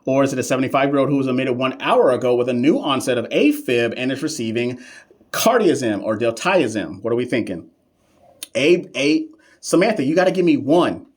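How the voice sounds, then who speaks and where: A man's voice: mid-range voice, animated, brisk. Sassy, playful male nursing tutor. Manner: sassy, playful, talks back to chat; slang-heavy, emphatic repetition. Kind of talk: live-stream teaching, chatting with viewers.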